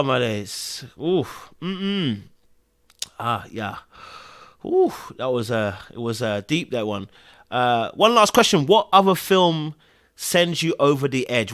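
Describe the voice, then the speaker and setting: A man, hosting a casual live-stream podcast chat with viewers. He talks emotionally and repeats phrases for emphasis. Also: mid-range voice. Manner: swings between loud exclamations and hushed, drawn-out murmurs. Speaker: podcast host.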